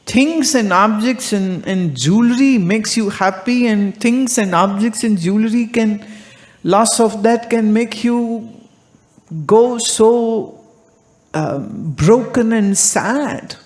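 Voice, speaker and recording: Slow-spoken woman spiritual teacher. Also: a little high, darkish tone. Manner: deliberate, anecdotal, rhetorical questions. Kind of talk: spiritual discourse.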